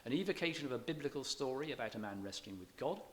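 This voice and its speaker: A man lectures the public on poetry in a church hall, his mid-range voice animated yet his manner measured and scholarly. He slows down for verse read with stressed beats and now and then restarts his words.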